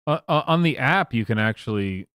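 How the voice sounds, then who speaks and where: A man's voice: mid-range voice, animated, fairly quick, fairly bright tone, clean tone, no room sound, studio quality. A man streaming live, rambling through profane commentary with many fillers and restarts. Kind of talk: casual livestream commentary.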